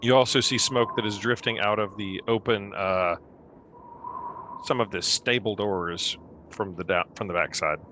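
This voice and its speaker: A young man narrating as game master, animated and playful as he sets the scene. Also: lowish voice, moderate pace, background noise.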